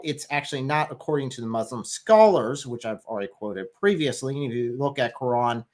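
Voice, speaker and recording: A man making his case in a livestream discussion, emphatic and sarcastic at times. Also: medium pitch.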